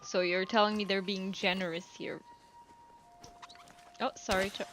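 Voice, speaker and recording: Relaxed chatty woman streamer. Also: medium pitch, unhurried, a little hiss or hum. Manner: relaxed, chatty, laughs easily. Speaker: game streamer. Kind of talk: casual live-stream chat. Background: faint game music.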